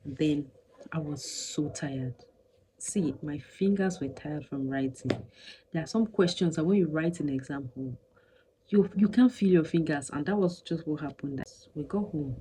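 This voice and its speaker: A woman's voice: low-pitched, mellow, slight background noise, poor audio. A woman, telling a personal story animatedly and slipping into whispers for emphasis. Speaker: vlogger.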